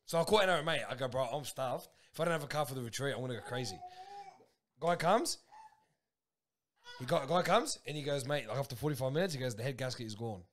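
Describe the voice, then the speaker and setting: A man's voice: mid-range voice, lively intonation, fast talker. A young Australian man, a podcast co-host, telling a story in casual, slangy talk and acting out his own reactions.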